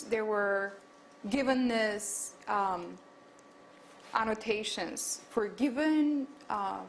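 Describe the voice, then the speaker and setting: A woman's voice: mid-range voice, a little hiss or hum, rough recording. A woman giving an academic lecture and answering audience questions, with frequent fillers and restarts. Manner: hesitant, many fillers and restarts. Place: lecture room.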